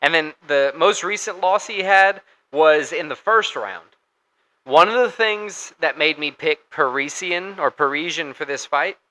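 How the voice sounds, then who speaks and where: A man's voice: on the high side, sharp tone, low-quality recording. A man co-hosting a casual sports podcast, talking through fight picks in a loose, conversational way with fillers and restarts. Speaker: podcast co-host.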